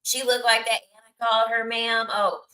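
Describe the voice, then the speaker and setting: A woman's voice: fairly high pitch, monotone, normal speed, bright, forceful tone. A woman in her thirties telling a story in casual chat, blunt, crude and mocking, laughing often. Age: 30s. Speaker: content creator.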